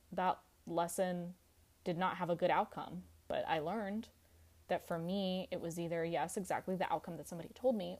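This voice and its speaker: This woman hosts a podcast, speaking in a lowish, darkish voice. Her monologue is casual and candid, full of "like" fillers, with free swearing and easy laughter.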